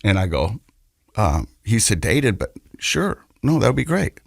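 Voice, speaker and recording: A middle-aged man co-hosting a podcast, telling a personal story in an earnest, halting way and often repeating his words. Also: fairly low pitch, very animated, creaky, husky, no echo, studio quality. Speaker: podcast co-host.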